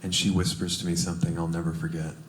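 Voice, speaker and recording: A man from Cleveland performing a stand-up comedy set, telling stories in an animated way and breaking into shrill put-on voices. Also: quick pace. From Cleveland, Ohio. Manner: animated storytelling, breaks into shrill high-pitched character voices. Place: comedy club stage before a laughing audience. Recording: roomy stage sound with audience noise.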